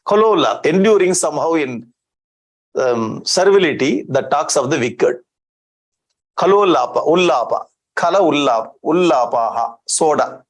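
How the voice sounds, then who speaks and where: A man's voice: fairly high pitch, lively intonation, normal speed, poor audio. A man giving a scripture discourse as a swami, chanting Sanskrit verses and explaining them in with rhetorical questions.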